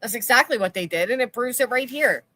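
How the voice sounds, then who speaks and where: A woman's voice: a little high, lively intonation, quick pace, sharp tone. Blunt, swearing woman commentator. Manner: blunt, swears freely, reads viewer comments aloud. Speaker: co-host. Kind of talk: casual commentary chat.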